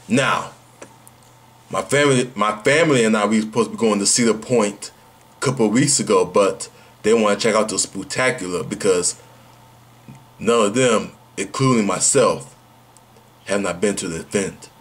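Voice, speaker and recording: A man's voice: lowish voice, normal speed, pauses often. A man talking to camera in a casual vlog, brash and slangy, repeating rhetorical questions. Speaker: vlogger.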